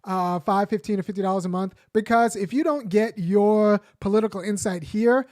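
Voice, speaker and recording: A man's voice: high-pitched, fairly even intonation, moderate pace, darkish tone. A man hosting a weekly live show, giving argumentative political commentary in a conversational, lecturing way with frequent fillers and restarts.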